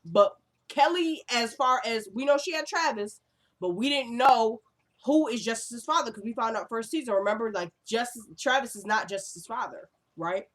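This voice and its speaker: A woman's voice: a little high, moderate pace. Chatty woman recapping a show. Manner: chatty, excitable, full of asides and "like". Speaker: TV episode recapper. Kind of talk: casual episode recap. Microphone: own camera.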